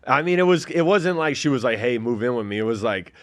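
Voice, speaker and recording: Brisk and animated, this mid-range male voice belongs to an ex-fighter in his forties sharing his story as a guest. He wanders casually through it, peppering it with fillers and dramatizing what others said.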